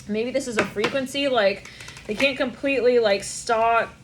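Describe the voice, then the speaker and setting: A woman's voice: on the high side, normal speed, noisy background. A young woman giving a channeled tarot reading, rambling in a stream of consciousness, swearing and laughing often. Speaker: tarot reader.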